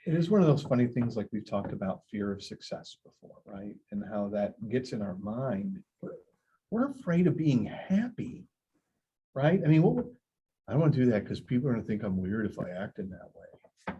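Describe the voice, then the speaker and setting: Blunt coaching man, husky and lo-fi. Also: on the low side, sing-song, normal speed, warm tone. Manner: blunt, teasing. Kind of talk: casual coaching chat. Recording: dull lo-fi sound.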